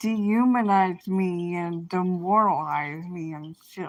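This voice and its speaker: A woman's voice: on the low side, slow, fairly bright tone. A woman livestreaming an angry, rambling rant full of swearing, trailing off and restarting her thoughts. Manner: profane, rambling, venting with frequent restarts.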